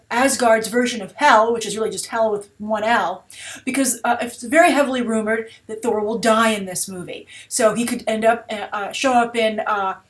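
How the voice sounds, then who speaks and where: A woman hosting a movie news show, talking through her film theories in a chatty, speculative way with frequent filler sounds. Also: fairly high pitch. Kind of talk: casual movie commentary.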